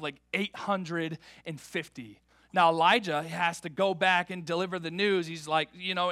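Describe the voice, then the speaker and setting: A man preaches a sermon with a high, bright voice. He is animated and restarts his words as he builds each point. The sound is dry and close, with no room echo. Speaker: pastor.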